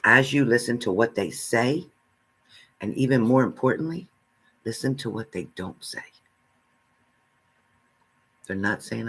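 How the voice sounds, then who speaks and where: A man's voice: medium pitch, a little slow, vocal fry, pauses often, bright, forceful tone. A man giving a spiritual reading, speaking earnestly and straight to the listener, repeating his phrases. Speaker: spiritual reader.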